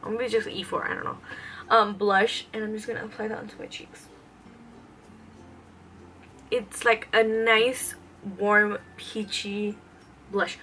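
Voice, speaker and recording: Young woman, beauty vlogger, crisp bright tone, chatty and rambling. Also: mid-range voice, level tone, measured pace, pauses often, a little hiss or hum, low-quality recording. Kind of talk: casual makeup tutorial chat.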